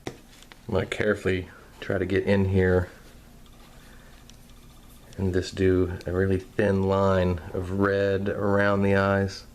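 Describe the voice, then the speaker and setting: A man calmly narrating a craft tutorial in a soft-spoken, step-by-step way. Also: deep voice, takes it slowly, pauses often, slight background noise.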